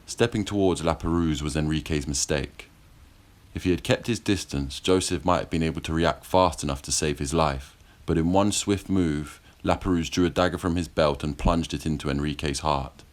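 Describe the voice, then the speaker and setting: A man reading a historical fiction audiobook in a measured, steady storytelling manner. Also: a bass voice. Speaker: audiobook narrator. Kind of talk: scripted narration.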